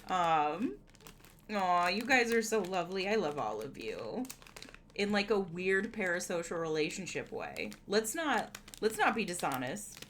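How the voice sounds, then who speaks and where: A woman's voice: on the low side, a bit bright, slight background noise. A woman streaming from home, chatting casually with her viewers, giggling often and rambling through lots of fillers. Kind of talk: casual live-stream chat.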